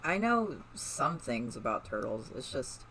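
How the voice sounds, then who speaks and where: A man voicing a cheerful, caring young woman in a read-aloud fan story, raising his voice higher for her. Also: big pitch swings, measured pace, pushed and bright, slight background noise, heavily acted, poor audio. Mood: gentle.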